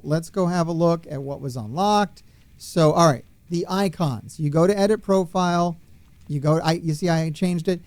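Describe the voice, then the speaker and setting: A man's gameplay commentary, delivered high in pitch with a dry, close sound and no room around it. He rants and swears in exasperation, turning sarcastic and incredulous. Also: warm tone, no room sound. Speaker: gaming streamer.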